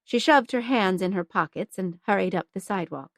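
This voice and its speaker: A woman narrates an audiobook from a script, her delivery measured and expressive. Her voice sits in the middle range, and the studio recording is clean with no room sound.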